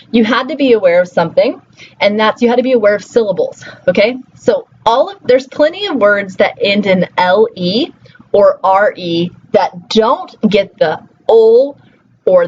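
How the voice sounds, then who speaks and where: A female linguistics instructor teaches a recorded lecture in a chatty, encouraging style, often checking in with "okay?" and "right?". Her voice is mid-range, with the highs cut off and slight background noise.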